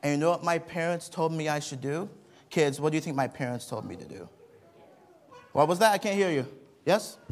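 A young man preaches to children in a lively storytelling manner, with a voice a bit higher than most men. He reads scripture and stops to put questions to the kids. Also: brisk. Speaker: children's Bible teacher. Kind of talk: children's sermon.

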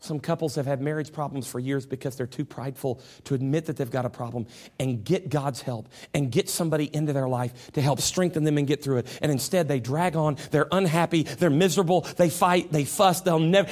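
A middle-aged man preaching a sermon as pastor, mixing folksy storytelling with impassioned passages that rise to shouts. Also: a little high, fairly quick. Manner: impassioned, rising to shouts at peaks.

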